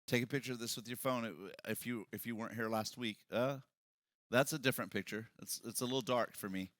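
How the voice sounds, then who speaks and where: A male pastor preaching a sermon, swinging from quiet talk to loud shouted passages. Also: mid-range voice, brisk, no room sound. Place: church hall with congregation.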